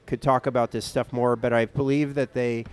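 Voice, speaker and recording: A man co-hosting a laid-back pub podcast, talking in loose, halting sentences full of ums and restarts. His voice sits at an ordinary middle pitch for a man. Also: level tone, clean tone. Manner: rambling, halting, many fillers and restarts. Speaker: podcast co-host. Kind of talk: casual chat over beers.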